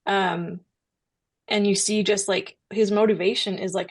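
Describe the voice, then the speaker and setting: A woman in a casual podcast discussion, talking in a relaxed way with many "like"s. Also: medium pitch, unhurried, breathy edge. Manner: relaxed, heavy use of "like". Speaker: podcast co-host.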